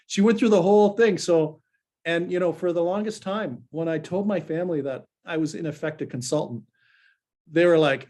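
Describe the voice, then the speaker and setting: A man guest telling lively personal stories in a casual podcast chat. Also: a little high, moderate pace. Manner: animated anecdotal, frequent fillers. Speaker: pollster and guest.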